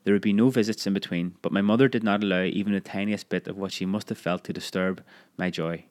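Deep-voiced man narrating a memoir. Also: fairly even intonation, fast.

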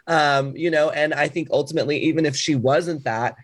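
Animated higher-voiced man co-hosting. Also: brisk. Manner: animated, gushing, laughs easily. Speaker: podcast co-host. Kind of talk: casual chat.

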